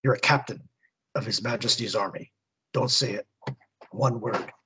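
A man's voice: medium pitch, moderate pace, pushed and bright, breathy edge, rough recording. A man hosting a podcast, reading a war comic with theatrical narration and then giving a history segment. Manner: theatrical narration in second person. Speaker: podcast host.

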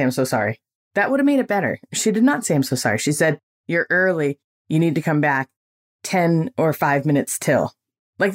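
A woman in her forties hosting a podcast, telling an everyday story in a lively way and acting out what people said. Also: on the low side. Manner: animated storytelling, acting out quotes. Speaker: podcast host.

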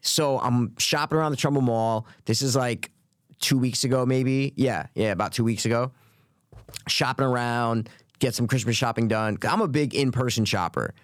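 A man's voice: medium pitch, moderate pace, no room sound, clean studio sound. Young man rambling through a story. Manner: rambling, swears often, acts out quotes. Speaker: podcast co-host. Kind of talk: casual storytelling chat.

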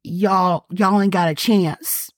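A woman's voice: on the low side, fairly even intonation, takes it slowly, no room sound, clean studio sound. A woman pastor preaching a fervent sermon, repeating her points and firing rhetorical questions in a casual, folksy way. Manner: colloquial Southern-style phrasing like y'all and ain't.

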